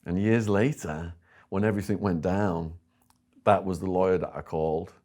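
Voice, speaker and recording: Deep-voiced English man telling stories. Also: moderate pace. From England. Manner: animated storyteller voicing other people in quotes. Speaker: interview guest. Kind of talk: storytelling interview.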